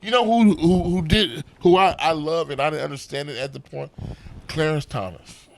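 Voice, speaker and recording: A man, an actor and comedian, telling profane, animated stories in a casual interview backstage at a comedy club. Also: fairly high pitch, normal speed, vocal fry, slight background noise. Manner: profane, animated storytelling with acted-out quotes.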